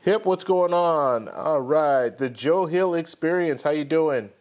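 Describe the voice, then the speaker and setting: A man's voice: on the high side, measured pace, a little mellow, highs cut off. A man hosting a live stream, greeting viewers by name in a friendly way and then telling his own story in a rambling manner, often restarting his sentences. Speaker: host of a live stream credit card show. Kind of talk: casual live stream chat.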